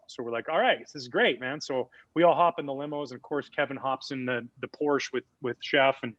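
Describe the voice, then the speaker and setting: A man in his forties, a former ball player guesting on a podcast, telling a story in a lively, casual way with many fillers. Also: mid-range voice, normal speed, few pauses, dry recording, muffled recording.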